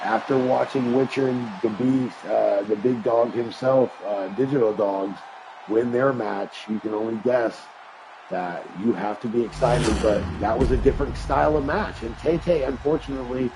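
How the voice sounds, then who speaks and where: A man doing hyped play-by-play commentary on a live-streamed wrestling game, rising into shouts on big moments. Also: mid-range voice, fairly even intonation, moderate pace, noisy background. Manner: hyped announcer delivery that rises to shouts.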